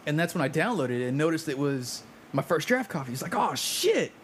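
A man co-hosting a podcast, telling a story in an animated way and swearing a lot while chatting casually. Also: a little high, fast talker, slight background noise. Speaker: podcast co-host and self-published author. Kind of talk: casual chat.

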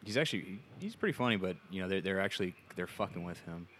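A man's voice: low-pitched, flat delivery, fast talker, a bit bright, a little hiss or hum. A man co-hosting a casual podcast chat, rambling and crude, with many fillers and restarts.

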